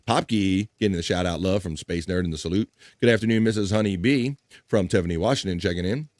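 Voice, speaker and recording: A man hosting a live stream, reading offbeat news and chat comments aloud in a jokey, animated way. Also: low voice, fast, dry recording, studio quality. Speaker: live-stream show host. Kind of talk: casual news read and chat.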